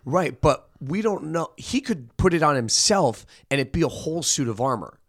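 Podcast co-host, male, lively rambling talker, casual movie chat. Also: fairly high pitch, moderate pace. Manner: rambling, restarts, animated joking.

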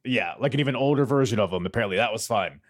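A man hosting a podcast, chatting casually and joking in a rambling way. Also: racing. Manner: joking, rambling, lively pitch. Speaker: podcast host.

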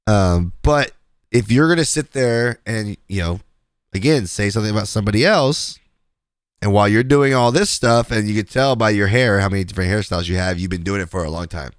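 A podcast host rambles through online drama in casual commentary, using many fillers and restarts. His fairly low voice is clear and resonant and moves fairly quickly, captured in a dry, studio-quality recording.

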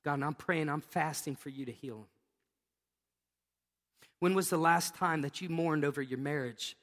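Bright, high-voiced man preaching in a hall. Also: moderate pace. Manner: storytelling, jokey asides, laughs at own jokes. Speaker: pastor. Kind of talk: sermon. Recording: long reverb of a large hall.

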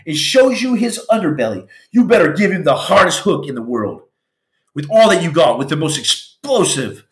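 A man's voice: on the high side, reverberant. A man hosting a podcast, telling stories in an impassioned, preachy motivational style that turns raw and emotional. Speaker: podcast host, former Navy SEAL.

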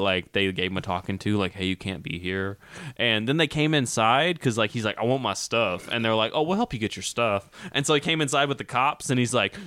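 A man's voice: mid-range voice, clear, resonant tone, no room sound. A man telling a crude story in casual chat, swearing and acting out the voices of the people in it. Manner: animated, swearing, acting out voices in his stories. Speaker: podcast co-host and storyteller.

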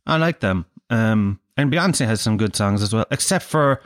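A man's voice: mid-range voice, expressive, moderate pace, hardly any pauses, a bit bright, no echo, clean studio sound. A man ranting in a casual vlog, sweary and sardonic. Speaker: vlogger. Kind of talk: casual rant to camera.

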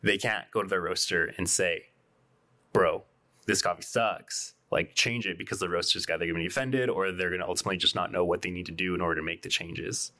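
A man's voice: low voice, steady tone, quick pace, hardly any pauses, pushed and bright. A man who co-owns a coffee shop, talking casually and thoughtfully as a podcast guest, often repeating a word as he starts a thought.

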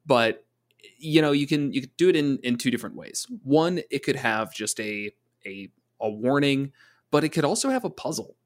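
A man co-hosting a casual tabletop gaming talk, chatty, often slipping into quick voices for monsters and players. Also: medium pitch, animated. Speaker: podcast co-host, game master.

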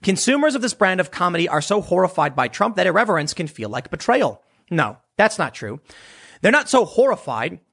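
A man's voice: high-pitched, big pitch swings, a little fast, vocal fry, a bit bright, husky. A man delivering an opinionated commentary monologue, sarcastic and mocking, slipping into impressions of others. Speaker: political commentator.

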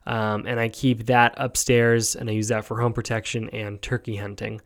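A man's voice: on the low side, level tone, moderate pace. A man from New York hosting a solo podcast, talking casually with many ums and restarts while yawning and sleepy. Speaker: podcast host.

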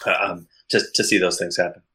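A man co-hosting a podcast in a rambling, casual way, restarting his sentences as he thinks. His voice is fairly low but bright and forceful. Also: little pitch movement, a little fast, low-quality recording. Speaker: podcast co-host.

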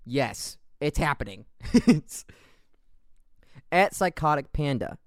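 A man's voice: fairly high pitch, big pitch swings, very slow, no room sound, clean studio sound. A man hosting a casual gaming podcast, rambling through stories and laughing along. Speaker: podcast host.

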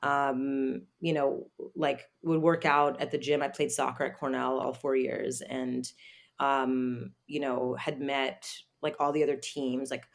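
Gravelly woman telling a personal story. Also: very deep voice, flat delivery. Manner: halting, with many fillers and restarts. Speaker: guest. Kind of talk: personal storytelling in a podcast interview.

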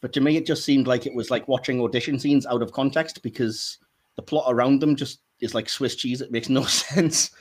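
A man co-hosting a casual podcast, a little hoarse, candid and wry, often laughing. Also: mid-range voice, fairly even intonation, a little fast. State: slightly hoarse. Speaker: podcast co-host.

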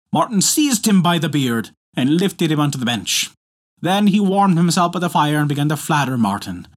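Expressive male folktale storyteller. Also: a little high. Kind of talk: folktale narration.

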